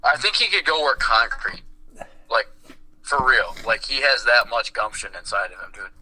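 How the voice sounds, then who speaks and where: A man's voice: medium pitch, lively intonation, moderate pace, bright, forceful tone, low-quality recording. A man co-hosting a podcast, chatting casually, swearing freely and telling stories. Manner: profane, storytelling, acts out quoted voices. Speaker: podcast co-host. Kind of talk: casual chat.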